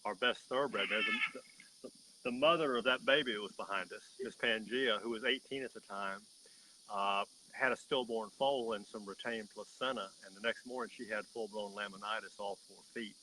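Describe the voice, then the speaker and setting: A man's voice: on the low side, normal speed, pushed and bright, a little hiss or hum, poor audio. A man, a horse breeder, telling a story in an emphatic, folksy way during an interview.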